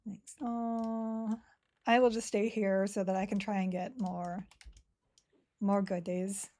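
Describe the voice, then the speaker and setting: A woman's voice: medium pitch, flat delivery, takes it slowly, dark tone. Giggly woman streaming a game. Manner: chatty, giggly, self-mocking. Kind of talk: casual live-stream chat while playing.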